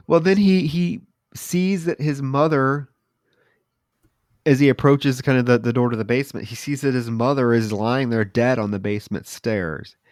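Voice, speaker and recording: A man co-hosting a podcast, retelling movie scenes in an animated, casual way and swearing freely. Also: medium pitch, no room sound, clean studio sound. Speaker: podcast co-host.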